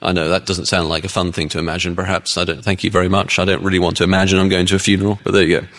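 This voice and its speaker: A man preaching a sermon in a chatty, animated way, telling stories to make his points. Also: low voice, rapid-fire, big-room sound. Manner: conversational, animated storytelling with acted-out voices.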